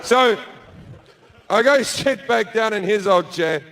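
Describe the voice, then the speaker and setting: Australian man, stand-up comedian, profane, brash, high-pitched, on stage. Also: expressive, takes it slowly, a little hiss or hum. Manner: profane, brash storytelling, swings into shouting.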